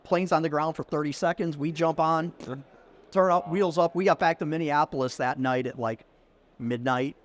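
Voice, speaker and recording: Man, middle-aged, slightly high voice, lively storyteller, casual. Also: normal speed. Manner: lively storyteller who acts out quoted dialogue. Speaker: podcast guest. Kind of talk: casual anecdote telling. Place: conference venue.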